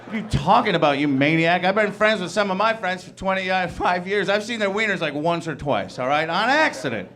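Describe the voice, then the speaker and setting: A man in his thirties performing a stand-up comedy set, talking conversationally and acting out quick incredulous bits of dialogue. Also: high voice, lively intonation, a bit bright. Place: comedy club stage.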